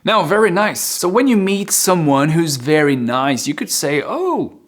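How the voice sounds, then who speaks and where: A man teaching English vocabulary, repeating and stretching key words for emphasis in a playful, expressive way. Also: fairly high pitch, normal speed. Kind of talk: vocabulary lesson.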